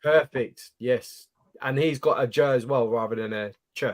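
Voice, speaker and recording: A man's voice: mid-range voice, moderate pace. A man on a casual football panel, teasing and correcting how names are said. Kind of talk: casual chat.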